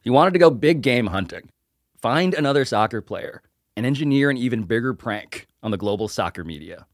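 A man, a sports podcast host and reporter, reads a scripted story with wry, vivid phrasing. His voice is mid-pitched and recorded dry and close. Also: no echo. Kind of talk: scripted narration.

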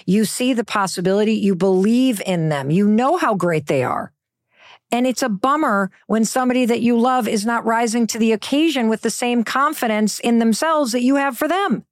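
A middle-aged motivational speaker, her voice fairly high, gives an emphatic, conversational talk, now and then dropping to a whisper for effect. The sound is clean studio quality with no echo.

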